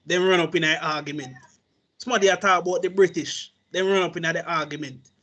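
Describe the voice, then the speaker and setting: A man's voice: fairly high pitch, steady tone, quick pace, sharp tone. A man in a casual group chat, speaking emphatically with patois mixed in.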